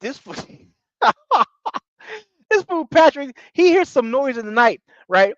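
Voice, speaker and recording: A man's voice: very high-pitched, big pitch swings, takes it slowly, no room sound. A man casually recapping a reality show in slangy talk, laughing often. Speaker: TV show reviewer. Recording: dull lo-fi dry audio.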